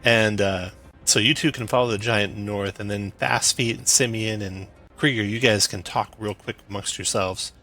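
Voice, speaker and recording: A man narrating as game master of a tabletop game, describing scenes briskly with frequent fillers. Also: lowish voice, fairly even intonation, pushed and bright.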